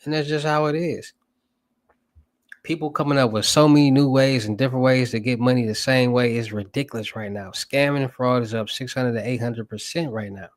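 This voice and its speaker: A man's voice: mid-range voice, fairly even intonation, fairly quick, no room sound. A young man with a Southern US accent, hosting a livestream in loose, rambling casual chat and asking his viewers for topics. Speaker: livestream host.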